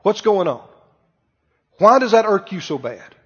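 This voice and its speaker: A man preaching a sermon, animated and full of rhetorical questions to the congregation. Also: high-pitched, unhurried, husky. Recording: muffled sound with long hall reverb.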